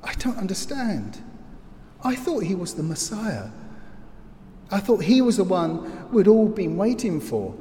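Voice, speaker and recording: A man's voice: sits high, big pitch swings, unhurried, mellow, voice pushed up. A man voicing a heartbroken, bewildered disciple. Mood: anguished. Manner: anguished, questioning inner monologue. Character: grieving male disciple at the crucifixion, bewildered. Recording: long hall reverb, faint ambient noise.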